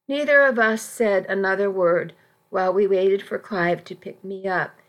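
A woman reads a first-person audiobook story at a measured, steady pace. Her voice sits at an ordinary mid pitch and stays even and unhurried. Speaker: narrator.

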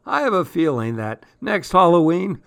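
A man's voice: a little high, very animated, normal speed, creaky, fairly bright tone, no room sound, pitched above the performer's own voice, full character voice. A man voicing a playful, teasing father in a storybook reading. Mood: sly. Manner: teasing, sly. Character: playful father planning a scare.

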